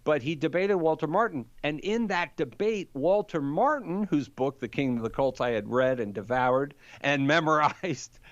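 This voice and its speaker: An older man in casual conversation, telling a lively story and acting out the quotes in it. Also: on the high side, moderate pace, few pauses, no echo, highs cut off. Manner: animated storyteller, acts out quotes. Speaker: Catholic apologist guest.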